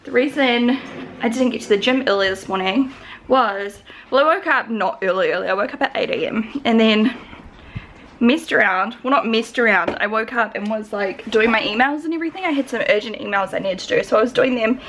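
A woman's voice: a little high, brisk, a bit bright. A young woman with a New Zealand accent chatting casually to camera in a home vlog, full of "like" fillers. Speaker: vlogger.

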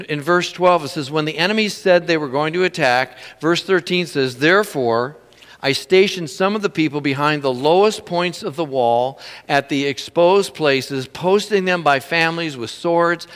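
A middle-aged male pastor preaching with a high, bright and forceful voice. He tells stories with animated energy and laughs easily. The sound rings with a long hall reverb. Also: unhurried, smooth. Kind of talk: sermon.

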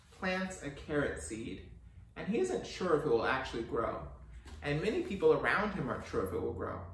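A man's voice: a little high, fairly bright tone. Upbeat man in an echoey garage studio. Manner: upbeat and encouraging. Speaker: host, children's book author and illustrator. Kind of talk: friendly craft-video host talk. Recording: echoey room, mic at a distance, faint noise.

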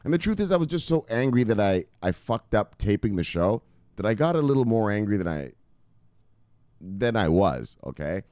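Rowdy man, swings from low mutter to yelps. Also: sing-song, moderate pace, clear, resonant tone, dry recording, studio quality. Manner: rowdy, swears freely, shouts bursts of catchphrases between low muttered asides. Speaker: crypto video host. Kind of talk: casual commentary reading out viewer comments.

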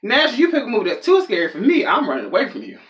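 A man's voice: high voice, wildly swooping pitch, rapid-fire, fairly bright tone, muffled recording. A young man telling a rambling, self-mocking comedic story as a vlogger. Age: young adult.

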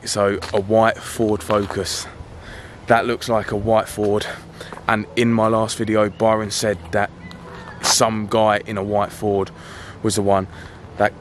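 A man's voice: lowish voice, slight background noise. A young man talking to camera in a vlog, nervous and hesitant. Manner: nervous, whispering asides, then yelling. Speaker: vlogger. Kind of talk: handheld vlog commentary.

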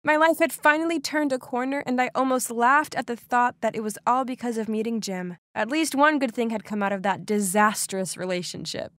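Expressive young woman storyteller. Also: on the high side, brisk, hardly any pauses, dry recording, studio quality. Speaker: narrator. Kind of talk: scripted first-person story narration.

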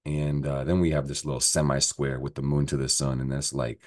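Man, extremely low voice, casual astrology talk, cursing, rambling and jokey. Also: flat delivery, brisk. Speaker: astrology vlogger.

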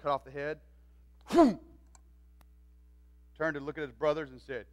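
A man preaching a sermon, retelling a story in an animated way and acting out its voices. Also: fairly high pitch, measured pace. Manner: animated, acts out quoted voices. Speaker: pastor. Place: church.

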